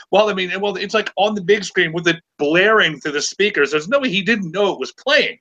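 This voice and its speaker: A man's voice: high-pitched, lively intonation, fairly quick, hardly any pauses, bright, forceful tone, low-quality recording. A man in his forties, hosting a podcast, telling stories with sarcasm and plenty of stammered restarts. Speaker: podcast host. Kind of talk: casual chat.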